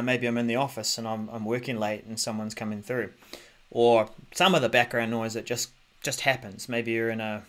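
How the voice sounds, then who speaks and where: A man's voice: mid-range voice, fairly bright tone. A man hosting a tech news podcast, talking casually into a podcast mic with lots of ums and restarts as he thinks aloud. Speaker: podcast host.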